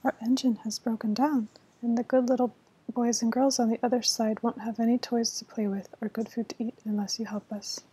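A woman's voice: on the high side, flat delivery, brisk, dark tone, husky, low-quality recording. A woman whispering as pleading dolls and toys, whispered role-play.

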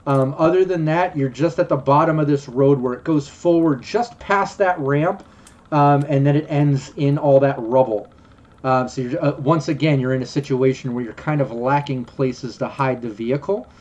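A man's voice: medium pitch, normal speed, darkish tone, highs cut off. A man narrating a tabletop game as game master, rambling with many ums and restarts.

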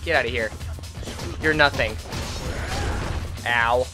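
A young man giving let's-play commentary, excitable and quick to yell at the game in frustration, with self-mocking trash talk. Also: mid-range voice, music in the background. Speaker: gaming channel host.

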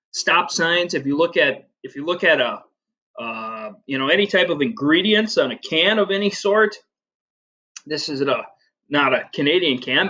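A man's voice: medium pitch, sharp tone. A man from the United States in his thirties, teaching a casual geography lesson with frequent fillers and personal stories. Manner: chatty, rambling, with filler words and personal anecdotes. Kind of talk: casual classroom video lesson.

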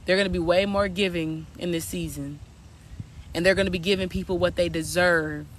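High-pitched guy doing a casual spiritual reading, keeps repeating himself, bit of noise in back. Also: steady tone, brisk, fairly bright tone. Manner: preachy, repetitive, addresses viewers as y'all. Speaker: spiritual coach.

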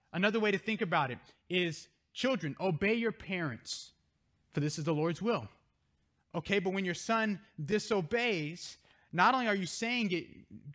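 A man's voice: high-pitched, fairly bright tone. A man pastor preaching a sermon, reading scripture verses aloud and stressing key words as he explains them. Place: church sanctuary.

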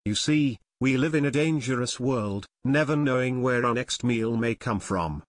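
A man's voice: mid-range voice, normal speed, no echo, clean studio sound, close to an everyday voice. A man voicing a plump teenage boy who solemnly lectures his friends about living on vegetables. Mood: pompous.

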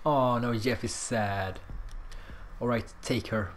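A man giving casual gameplay commentary, excitable and profane, rambling between moments of the match. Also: mid-range voice, slow, a little hiss or hum. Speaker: gamer.

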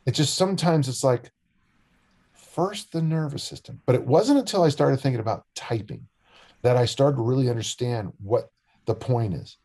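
An older man with a husky, slightly breathy voice at an average pitch, talking as a coach on a podcast. He tells stories in an animated, joking way. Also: moderate pace. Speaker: strength coach and discus coach. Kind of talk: podcast interview.

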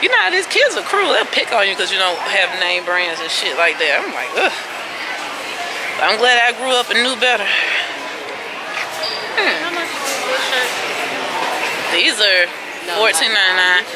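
Lively, laughing woman vlogger. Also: medium pitch, normal speed, pauses often, over a noisy crowd, very noisy. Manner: chatty, laughing, hums and sings gospel. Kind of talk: casual vlog chat.

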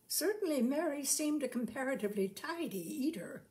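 Woman narrator for a short-story reading; slow, measured, even-toned delivery. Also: mid-range voice, gravelly. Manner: slow, measured delivery, lifting her voice for quoted lines. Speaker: storyteller reading fiction aloud. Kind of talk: unhurried literary reading with acted dialogue.

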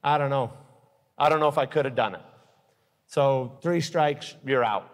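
A man's voice: medium pitch, normal speed. A man giving a live aviation safety talk to pilots, earnest and openly emotional, with blunt warnings. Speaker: speaker at aviation safety forum. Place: forum at an airport hangar venue. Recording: long reverb from a large hall.

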